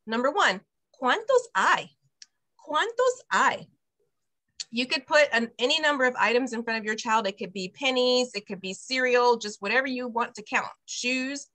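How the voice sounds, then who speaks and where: A woman leads an online Spanish lesson for parents, her voice bright and a little high. She explains things patiently and says each phrase slowly so listeners can copy it. It sounds like a video call. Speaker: bilingual preschool director teaching parents.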